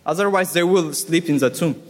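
A man preaching a sermon, emphatic and deliberate, repeating key words for effect. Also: fairly high pitch. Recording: reverberant hall.

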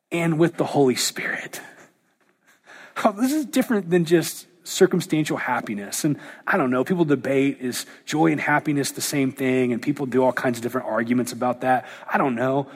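Husky-voiced pastor preaching in a reverberant hall. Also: male voice, medium pitch. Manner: animated preaching, acts out quoted voices. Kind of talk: sermon.

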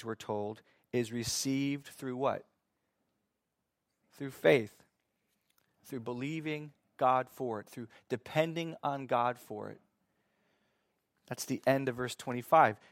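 A man teaching from the Bible in a sermon, reading scripture slowly and asking his listeners questions that he then answers himself. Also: medium pitch, dry recording, clean studio sound. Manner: reads scripture slowly and deliberately. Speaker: preacher.

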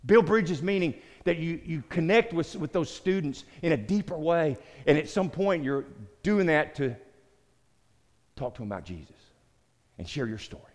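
A man's voice: fairly high pitch, sing-song, normal speed, darkish tone. Southern man preaching in an echoing hall. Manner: conversational, repeats words, addresses listeners by name. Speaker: pastor. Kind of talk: sermon-style teaching. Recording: long hall reverb.

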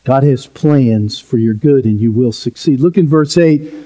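Slow, mellow-voiced male preacher. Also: medium pitch. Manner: earnest, emphatic preaching with playful asides. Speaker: pastor. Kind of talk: sermon.

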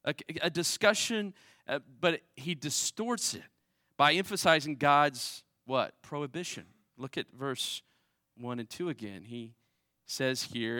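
A man preaching a sermon in a conversational way, often checking in with "right?", swinging between raised emphasis and quiet asides. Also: on the high side, measured pace, no room sound, clean studio sound. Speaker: pastor.

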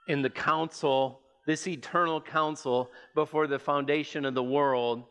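A man preaching a sermon, reading scripture and explaining it with measured emphasis. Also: fairly bright tone. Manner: measured, emphatic preaching that rises in pitch as it builds.

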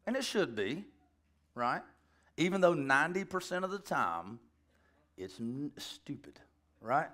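Preacher guy going off in a sermon, jokey and rambly, bright punchy voice that swings all over. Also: fairly high pitch. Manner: animated, joking, rambling asides. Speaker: pastor.

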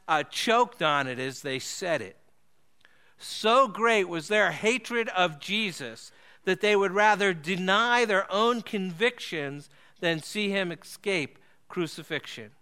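A man preaching a sermon, earnest and emphatic, slowing and dropping his voice low to stress key phrases. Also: sharp tone, clear, resonant tone.

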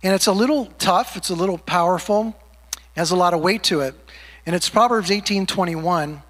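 A man preaching a sermon to his congregation, joking easily and slowing down to read scripture aloud. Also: high voice, fairly bright tone. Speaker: pastor. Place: church sanctuary. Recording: long hall reverb.

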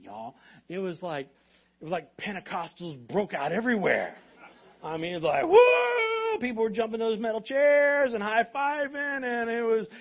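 A man preaching in a church, his voice a little high and husky. He tells his sermon as a story, acts out each side of the conversation and swells to loud bursts. The recording sounds dull and lo-fi. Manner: lively storyteller who acts out dialogue and rises to loud bursts. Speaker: pastor. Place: church sanctuary.

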